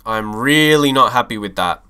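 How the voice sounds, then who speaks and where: Animated, frustrated young man streaming a game. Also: mid-range voice, normal speed, clean tone. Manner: animated, swings from hopeful to frustrated, swears. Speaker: streamer playing a football management game. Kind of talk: live gameplay commentary.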